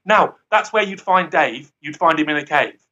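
A man's voice: on the high side, expressive, normal speed, pushed and bright, highs cut off. A man giving an earnest, rambling devotional talk who often laughs at himself. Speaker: guest speaker.

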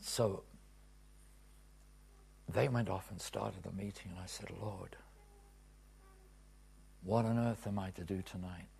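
A man preaching a testimony in a sermon, swinging from hushed whispers to loud cries. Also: sits low, fairly even intonation, takes it slowly, creaky, long pauses, husky. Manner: dramatic swings from whispers to shouts.

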